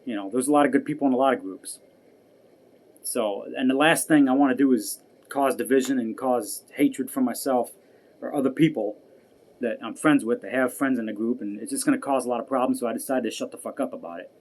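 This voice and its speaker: A man's voice: mid-range voice, fairly quick, a little mellow. A man vlogging an angry personal rant, profane and heated, repeating himself as he goes. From United States.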